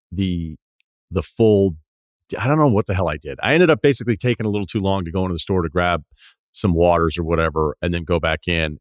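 A man with a low voice hosts a podcast, reading a listener's email out loud and breaking in with wry asides. He talks in a loose, conversational way. The room is dry and close, with no echo at all. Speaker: podcast host.

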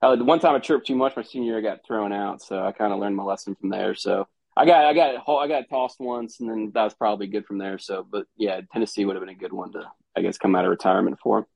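Here the ex-college baseball player talks quickly in a lowish, creaky voice, barely pausing as he rambles through his podcast stories. He animatedly acts out quoted conversations. The lo-fi recording sounds dull and dry, with no echo.

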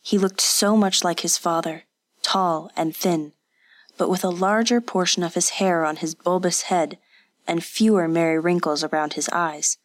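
A woman narrating a story in an even, unhurried audiobook reading. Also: on the low side, no echo. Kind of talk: scripted narration.

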